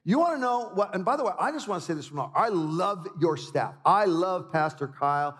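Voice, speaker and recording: Joking preacher with a fairly high voice. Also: male voice, brisk. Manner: animated, joking storyteller. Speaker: guest preacher. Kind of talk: sermon with personal stories and humor. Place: church sanctuary. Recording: reverberant church hall.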